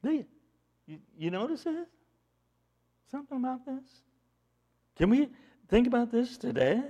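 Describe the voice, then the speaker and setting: A male preacher with a high voice that leaps up and down as he retells a story. He fires rhetorical questions at the congregation and swings from loud emphasis to hushed asides. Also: big pitch swings, measured pace. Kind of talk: sermon.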